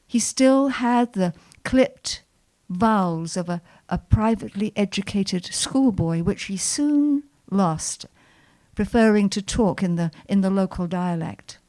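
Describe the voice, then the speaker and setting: A woman storyteller telling a personal memoir to a live audience in a lyrical, expressive way. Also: mid-range voice, slow pace. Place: showroom with audience.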